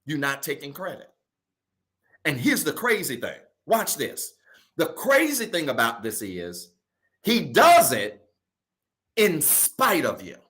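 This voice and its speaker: A male pastor preaching a sermon in a casual, colloquial way, repeating key phrases and swinging from loud emphasis to soft asides. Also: on the high side, wildly swooping pitch, slow pace, long pauses.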